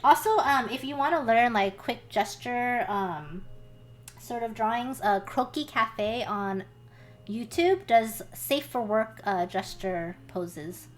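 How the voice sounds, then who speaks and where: A young woman co-hosting a casual art study stream, chatty, full of ums and quick laughs. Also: a little high, animated.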